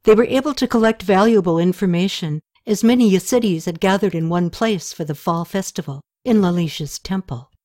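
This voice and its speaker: A woman narrating a novel aloud in an even, unhurried way. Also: mid-range voice.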